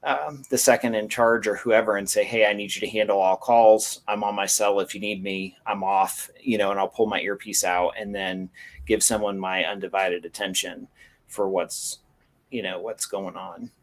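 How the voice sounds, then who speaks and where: A man's voice: on the low side, steady tone, moderate pace, low-quality recording. A man co-hosting a casual podcast, talking in a rambling way with many fillers and restarts. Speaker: podcast co-host.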